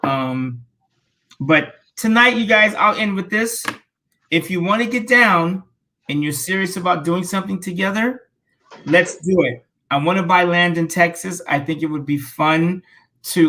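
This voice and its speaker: A man from California talks casually as a show guest in a bright voice. He gets animated and laughs a lot as he pitches his ideas. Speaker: guest financial commentator. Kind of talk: casual talk show chat.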